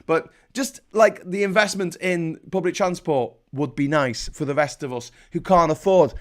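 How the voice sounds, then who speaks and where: A man in his forties delivers an angry, expletive-heavy political rant on his live stream. His voice sits a little high for a man and keeps climbing as his temper rises. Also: moderate pace. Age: 40s. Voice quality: profane, heated. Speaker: livestream host.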